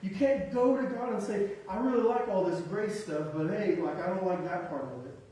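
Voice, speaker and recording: A pastor's high-pitched, mellow voice moves at a moderate pace through an emphatic, conversational sermon. He throws in asides that poke fun at himself and short punchy lists of single words, recorded distantly in an echoing hall.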